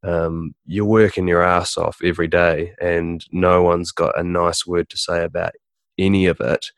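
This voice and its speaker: A man's voice: low-pitched, little pitch movement, dry recording, studio quality. A man hosting an interview, reflective and supportive. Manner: reflective, supportive, quick to agree. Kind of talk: conversational interview.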